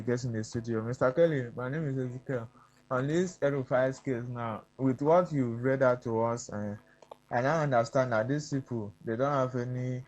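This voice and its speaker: A man calling into a radio show, giving his opinion earnestly with frequent halting fillers. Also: mid-range voice, darkish tone, low-quality recording. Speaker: caller. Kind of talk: phone-in opinion.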